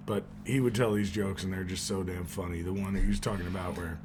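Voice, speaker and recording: A man's voice: low voice, fairly even intonation, fast talker, a crowd in the background. A man co-hosting a casual podcast, telling jokes in a rambling way with lots of fillers. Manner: rambling joke-teller, trails off with fillers. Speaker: co-host.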